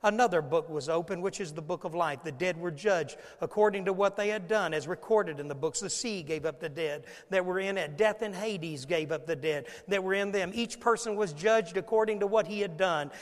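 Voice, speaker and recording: In a high voice, going a little fast with few pauses, a pastor delivers a story-driven sermon. He plays out scenes and questions his congregation, and the hall adds a long reverb.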